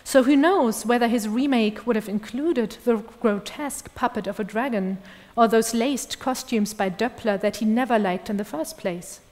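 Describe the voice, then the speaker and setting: A woman giving an academic lecture, reading in a measured, precise way. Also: on the high side, darkish tone. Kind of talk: academic lecture read from a script. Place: lecture hall. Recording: long reverb of a lecture hall.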